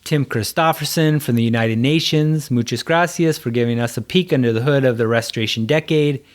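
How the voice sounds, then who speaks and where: Casual male podcast host, middle-pitched, easygoing, laughs often. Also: fairly quick. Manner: relaxed, laughing, loosely phrased. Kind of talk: casual interview chat and outro.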